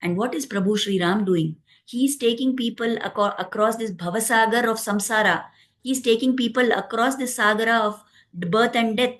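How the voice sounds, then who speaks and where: A man's voice: sits high, normal speed. A woman voicing a humble, devoted male boatman who speaks eagerly and lovingly in a told story. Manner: pleading, then gentle and loving.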